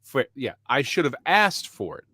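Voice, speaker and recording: A man's voice: medium pitch, very animated, normal speed, pushed and bright, breathy edge, no echo. Laid-back joking man from Texas. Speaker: podcast co-host. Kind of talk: casual chat.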